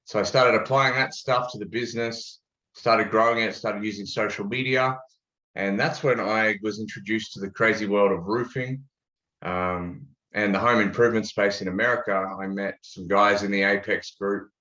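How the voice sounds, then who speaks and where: A laid-back Australian man, chatting as a guest and telling his story with dry jokes. His voice sits a little low, and it comes through slightly dull and echoey, like a room recording. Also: steady tone, normal speed, pushed and bright. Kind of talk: casual interview chat.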